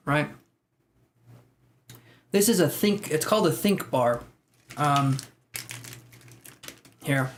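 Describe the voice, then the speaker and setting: A man with a higher, expressive voice hosts a live tarot stream, taking it slowly and pausing often, with slight background noise. He's chatty and jokey, laughing often as he reads viewer comments.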